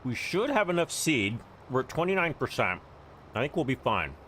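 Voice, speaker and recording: A man's voice: mid-range voice, big pitch swings, moderate pace, fairly bright tone, slight background noise. A man hosting a casual gameplay livestream, chatting to viewers and greeting them by name as he plays. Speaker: livestream host.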